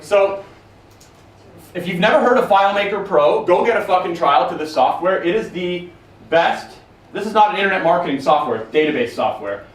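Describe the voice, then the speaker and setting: With a high-pitched, animated voice and a fairly quick delivery, a man answers questions from a conference-room audience in a casual, blunt, profane and joking way. The recording is distant and roomy, with a little faint noise.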